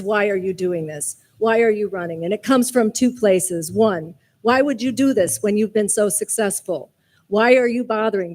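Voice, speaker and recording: A woman's voice: fairly high pitch, a little mellow. A woman running for mayor giving an earnest, direct closing statement at a community forum, repeating lines for emphasis. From American. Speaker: mayoral candidate.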